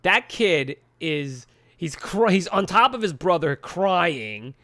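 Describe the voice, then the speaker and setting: A man co-hosting a casual podcast, excitable and profane, pitch jumping up when outraged. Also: takes it slowly. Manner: excitable, swears a lot, swings pitch up in outrage. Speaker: podcast co-host.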